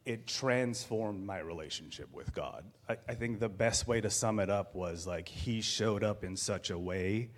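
Animated man in his thirties, low-pitched. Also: normal speed, hardly any pauses, slight background noise. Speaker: guest sharing a personal story. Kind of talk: candid personal storytelling.

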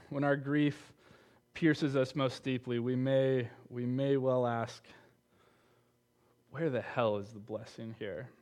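A man's voice: medium pitch, fairly even intonation, slow pace, darkish tone. A man preaching a conversational sermon, often repeating words and putting questions to his listeners. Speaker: preacher on a church teaching team.

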